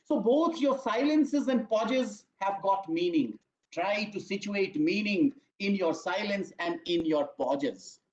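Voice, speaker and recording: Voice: medium pitch, a little mellow. Lecturer, emphatic online talk. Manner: emphatic, checks in with "fine?", addresses "my dear friends". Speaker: teacher-training lecturer. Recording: roomy, dull lo-fi online audio.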